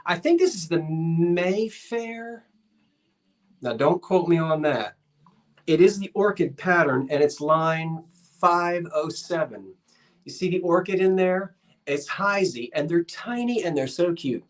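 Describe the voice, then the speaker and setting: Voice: mid-range voice, lively intonation, a little slow. A live-stream sale host in a shop, chatting casually with a rambling, self-deprecating manner, reading out viewer comments and counting down bids. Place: shop, indoors.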